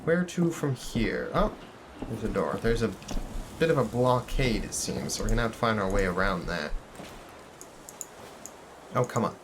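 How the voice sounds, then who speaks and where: A man's voice: on the low side, very animated, normal speed, pauses often, noisy background. A man hosting a gaming channel, giving casual let's-play commentary in a jokey, rambling, self-deprecating way. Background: game music.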